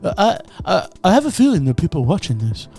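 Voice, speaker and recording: A man's voice: sits high, huge pitch swings, brisk, gravelly, a little mellow, soft background music, full character voice. A man putting on the voice of a smug male film director who talks down to the audience, mocking and condescending.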